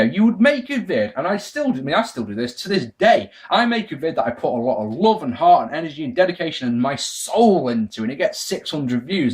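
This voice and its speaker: A young man casually answering viewer questions about wrestling, ranting and swearing. He jumps between loud bursts and muttered asides. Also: mid-range voice. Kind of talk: casual rant.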